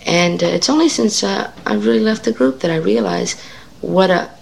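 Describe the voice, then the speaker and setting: Gravelly-voiced musician reflecting earnestly. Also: female voice, medium pitch, normal speed, slight background noise. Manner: earnest, musing, searching for words. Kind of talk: interview answer.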